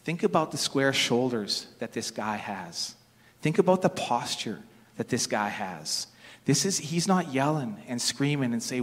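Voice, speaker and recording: In a large hall with long reverb, a middle-aged man preaches in a conversational, storytelling way, now and then restarting a sentence. He speaks unhurriedly and expressively, his voice a little high.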